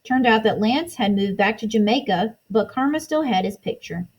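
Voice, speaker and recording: A woman's voice: on the high side, lively intonation, normal speed. A woman reading an author's note aloud in a plain, matter-of-fact way.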